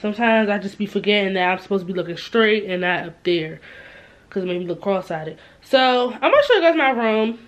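The sound is lo-fi, and her mid-range voice moves fairly quickly with lively intonation. A woman in her twenties, she vlogs casually on a camera she manages herself, chatting to viewers with plenty of fillers and asides, in a store and then her bedroom.

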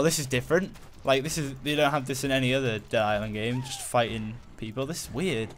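A man giving casual, rambling commentary while playing a video game, full of fillers and excited outbursts. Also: mid-range voice, a little fast, few pauses. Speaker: gaming channel host. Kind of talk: casual let's-play commentary.

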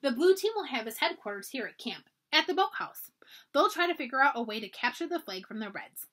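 A kindly camp director in a children's storybook, gently encouraging and animated, as a woman reads her lines aloud. Her pitch rises and falls in a lively way. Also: a little fast.

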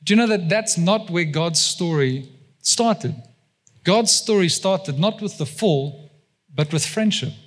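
Emphatic South African pastor preaching. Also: male voice, sits high, lively intonation, slow, big-room sound. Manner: emphatic preaching with call-and-response questions. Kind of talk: sermon. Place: church hall.

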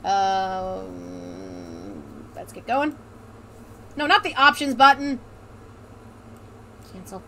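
A woman's voice: mid-range voice, wildly swooping pitch, very slow, vocal fry, pauses often, a bit bright, a little hiss or hum. A woman hosting a let's play, joking, swearing freely and laughing often as she comments on a game. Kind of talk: casual gaming commentary.

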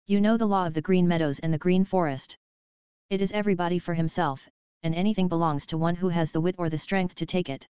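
A woman's voice: fairly low pitch, quick pace, clear, resonant tone, no echo, highs cut off, lightly acted. Woman reading as a shrewd old vixen. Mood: scheming. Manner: calm, lecturing, matter-of-fact. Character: shrewd old female fox, wise schemer.

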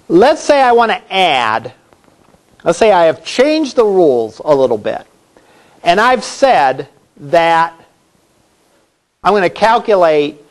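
A male college instructor with a voice on the high side gives a classroom lecture conversationally, asking the class questions as he goes.

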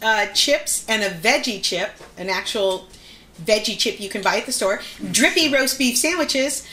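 A woman's voice: mid-range voice, expressive, normal speed, sharp tone, reverberant. A woman hosting a live cooking show from her home kitchen, chatting while she explains each step.

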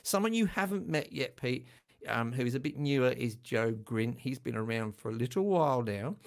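An older man hosting a casual livestream chat, self-deprecating and quick to laugh. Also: mid-range voice, lively intonation, creaky. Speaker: channel host.

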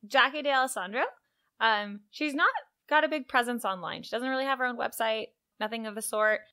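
Bright higher-voiced woman co-host. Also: a little fast. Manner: presents researched facts in an orderly way. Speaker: podcast co-host. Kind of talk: casual chat.

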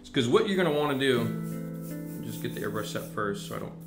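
A man's voice: mid-range voice, sing-song, quick pace. A man from the United States running a casual livestream painting demo, rambling and chatty, with casual swearing. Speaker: scale-model painting instructor. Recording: music playing clearly behind the voice. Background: music.

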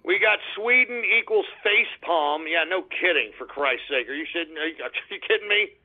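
A Texan man hosting a call-in internet radio show, ranting abrasively, cursing and yelling at trolls. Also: fairly high pitch, expressive, normal speed. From Texas. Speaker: radio talk show host. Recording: tinny phone-like internet radio audio.

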